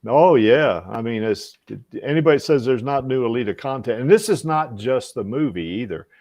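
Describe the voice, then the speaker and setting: A man's voice: medium pitch, lively intonation, moderate pace, a little mellow. A man hosting a casual livestream podcast, rambling with lots of fillers and frequent laughs. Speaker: podcast host.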